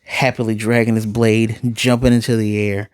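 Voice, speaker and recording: A man casually recapping an anime episode in an animated way, acting out quoted lines as he goes. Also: fairly low pitch, moderate pace, clear, resonant tone, no room sound, clean studio sound. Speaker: anime reviewer.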